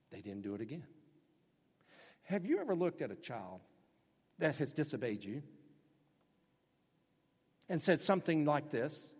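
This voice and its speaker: A man preaching a sermon as pastor, emphatic, breaking into loud acted-out quotes now and then. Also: mid-range voice, breathy edge, in a large hall.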